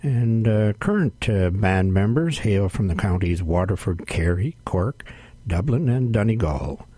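A man hosting a radio music show from a studio, announcing tracks in an unhurried way with frequent "uh" fillers. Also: lowish voice, animated, warm tone, slightly rough, dry recording. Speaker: radio host.

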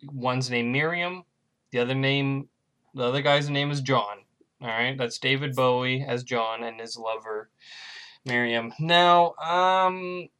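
A man's voice: mid-range voice, bright, forceful tone. A man co-hosting a movie podcast, rambling through plot summaries with lots of fillers and jokes. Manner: rambling, joking, many fillers. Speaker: podcast co-host. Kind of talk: casual chat.

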